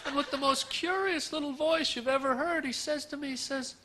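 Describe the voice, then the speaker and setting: High-voiced man doing rambling stand-up. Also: fairly quick, hardly any pauses, sharp tone. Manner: rambling, absurd nonsense wordplay. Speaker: stand-up comedian. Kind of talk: stand-up comedy set. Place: comedy club stage.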